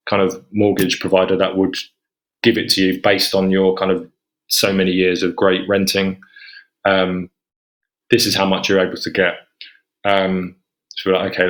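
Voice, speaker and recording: A man in his forties from England tells a long personal story as a podcast guest. His voice sits on the low side, and he rambles casually, slipping into lifted voices when he quotes what he and others said. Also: fairly bright tone. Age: 40s.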